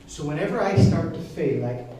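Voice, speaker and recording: Guy preaching, slightly high voice, far from the mic in a big echoey church hall. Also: lively intonation, moderate pace, warm tone, a little hiss or hum. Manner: earnest and personal, speaking to the congregation. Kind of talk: sermon.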